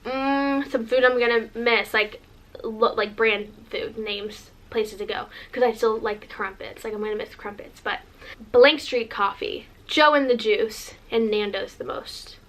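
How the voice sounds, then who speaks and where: A woman's voice: on the high side, fairly even intonation, measured pace, a bit bright. A woman from Northern California, chatting in a gushing, rambling vlog with lots of likes. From Northern California, USA. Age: 20s. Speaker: vlogger.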